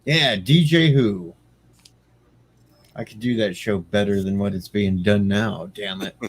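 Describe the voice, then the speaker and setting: A man's voice: lowish voice, measured pace. An American man hosting a casual livestream chat, joking and bantering with his guests. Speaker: livestream host.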